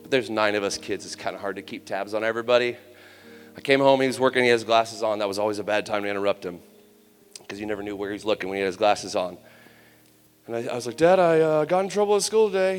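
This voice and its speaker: A man's voice: lowish voice, fairly even intonation, fast, clean tone. Man preaching candidly in a reverberant hall. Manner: candid, conversational storytelling with humor. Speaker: youth camp speaker. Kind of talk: personal testimony sermon. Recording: long hall reverb, faint music.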